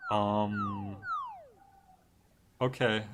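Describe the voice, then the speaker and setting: A young man chats casually while playing a game on stream, reading game dialogue aloud, trailing off and restarting his sentences. His voice is lowish with wildly swooping pitch and very slow, over a noisy background with game music.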